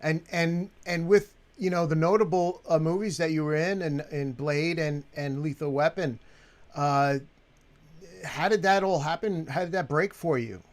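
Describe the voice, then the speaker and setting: Halting man hosting an interview. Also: fairly high pitch. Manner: halting, many restarts and fillers. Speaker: show host. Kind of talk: interview chat.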